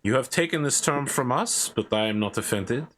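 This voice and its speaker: A man's voice: mid-range voice, animated, a bit bright, lightly acted. A man playing a courtly fairy knight. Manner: measured, formal courtly speech. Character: tall lithe male fairy knight, courtly and calm.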